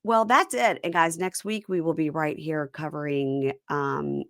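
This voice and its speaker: A woman's voice: low-pitched, fairly even intonation, a little slow, a bit bright, dry recording, clean studio sound. A woman hosting a casual reality TV chat podcast, tossing in wry, jokey asides. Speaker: podcast host.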